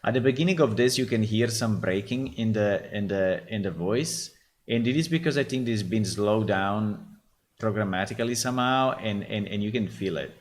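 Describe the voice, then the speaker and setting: Hosting a casual developer livestream, a game developer with an Italian accent bluntly critiques test voices and swears freely. His voice is lowish and at normal speed, with slight background noise.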